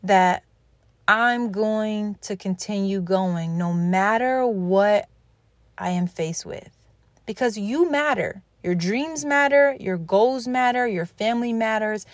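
A woman's voice: medium pitch, dry recording, clean studio sound. A woman hosting a motivational podcast, talking to listeners directly in an earnest, encouraging way. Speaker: podcast host.

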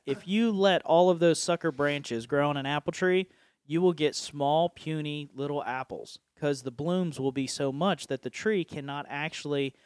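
A man's voice: fairly high pitch, dry recording. A man hosting a casual Christian podcast, explaining ideas with examples and laughing often. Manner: animated, laughs often, acts out quick voices. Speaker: podcast host.

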